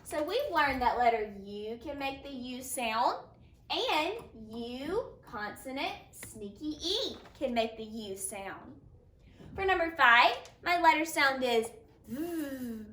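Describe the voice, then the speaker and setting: High, lively woman teaching phonics. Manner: slow, clearly sounded-out letter sounds with lively praise. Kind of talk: classroom phonics lesson. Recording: echoey room, mic at a distance.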